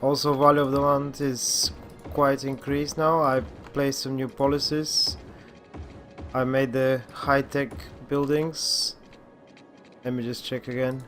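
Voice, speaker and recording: With faint music playing behind him, a gaming channel host comments casually on his city-builder in a sleepy morning voice. His medium-pitched, slightly bright delivery is flat and leisurely, and he keeps restarting his sentences.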